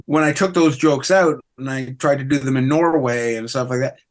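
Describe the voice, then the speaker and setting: A man's voice: medium pitch, moderate pace. A middle-aged man from Canada, a comedian chatting in an interview, rambling with fillers and mocking himself. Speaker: comedian guest. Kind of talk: casual interview chat.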